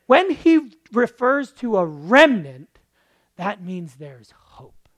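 A hoarse male pastor preaching a sermon, firing off runs of rhetorical questions and swinging from hushed murmurs to loud emphatic bursts. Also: high-pitched, big pitch swings, takes it slowly, no echo.

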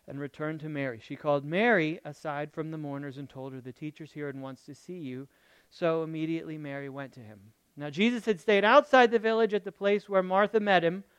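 A man preaching a sermon, asking his congregation questions and swinging from loud to very quiet. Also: high voice, clean tone, no room sound. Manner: talks straight to the congregation with questions. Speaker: pastor.

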